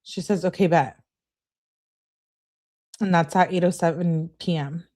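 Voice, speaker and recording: A woman with a fairly low voice reads a run of text messages aloud for a true crime channel. She moves between reading the messages and her own emphatic, exasperated asides. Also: unhurried, darkish tone.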